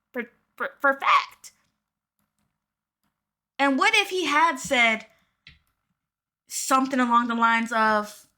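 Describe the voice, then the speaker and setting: A woman riffing on camera in a loose, casual commentary style, leaning hard on slang and emphasis. Her voice sits high and carries a bright, sharp edge. She addresses her viewers directly throughout. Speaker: commentary YouTuber.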